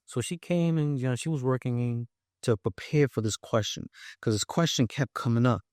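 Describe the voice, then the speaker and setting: A man's voice: mid-range voice, moderate pace, clear, resonant tone, no echo, clean studio sound. A young man with a New York accent, telling his story as a podcast guest and acting out the voices of others. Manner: animated, acts out quoted voices. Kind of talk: casual storytelling.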